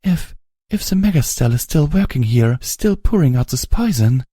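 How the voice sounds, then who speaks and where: A man's voice: a little high, animated, moderate pace, mellow, breathy edge, no room sound, clean studio sound, voice pushed up. A man voicing a grieving young pony mare in a storybook reading, speaking in a choked, trembling way. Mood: determined.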